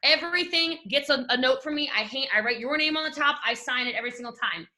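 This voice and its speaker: Brief: high-pitched Southern woman, bright tone, gushing team-leadership pep talk from home. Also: fast. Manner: animated, gushing, talks straight to listeners. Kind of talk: energetic motivational talk on a call. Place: at home desk. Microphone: video call.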